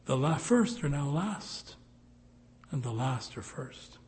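Slow, earnest male preacher, pleading sermon, long hall echo. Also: medium pitch, expressive. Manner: pleading, rising to loud appeals.

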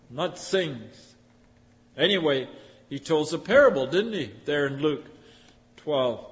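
A man with a high voice preaches in a folksy, conversational manner, tossing rhetorical questions at his listeners. His words ring out with a long hall reverb. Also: animated, slow, long pauses. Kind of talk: sermon.

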